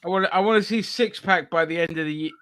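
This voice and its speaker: A man's voice: sits high, quick pace, over a noisy crowd. A man from London in casual stream chat, teasing others and mimicking voices.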